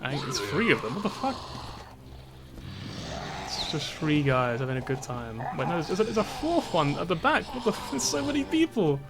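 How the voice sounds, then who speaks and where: A man's voice: a little high, sing-song, moderate pace, long pauses, noisy background. A man streaming a video game, chatty and self-deprecating, swearing and laughing often. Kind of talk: casual game commentary.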